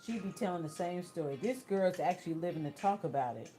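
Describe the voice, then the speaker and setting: Low-voiced woman giving blunt asides. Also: expressive, a little fast, dark tone, a little hiss or hum. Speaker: commentator reacting to a story. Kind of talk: casual reaction commentary.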